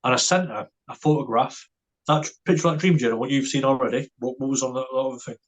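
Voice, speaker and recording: Husky man telling a story. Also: medium pitch, steady tone, fast. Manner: stammers and restarts, tags lines with "right?" and "mate". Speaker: podcast guest. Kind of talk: casual storytelling.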